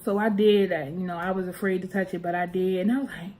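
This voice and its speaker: A young woman vlogger telling a casual, animated storytime about growing up. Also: lowish voice, quick pace, low-quality recording. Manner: animated, expressive, talks with her hands.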